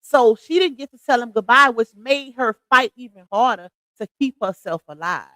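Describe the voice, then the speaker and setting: A woman host breaks into the story to give her opinion straight to the audience in a chatty way. Her voice sits a bit high. The sound is close and dry. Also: expressive, moderate pace, a bit bright, no room sound, low-quality recording. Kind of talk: storytime commentary.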